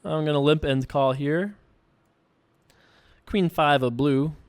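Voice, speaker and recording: A man's voice: a little high, slow. A man hosting a show, chatting casually while playing poker, rambling and laughing easily. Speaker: podcast host.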